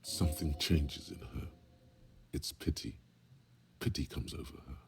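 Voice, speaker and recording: Brief: a very deep, gravelly male narrator for a video game, slow and measured, over faint music. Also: exaggerated voice. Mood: solemn.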